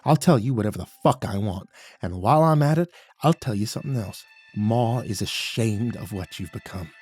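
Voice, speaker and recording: This is a gruff old rural uncle, put on by a male storyteller, hard-edged and tired of life. He drawls slow and low, his grammar rough and countrified, with a weight of old regret. A faint music bed runs underneath. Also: a little mellow. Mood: menacing.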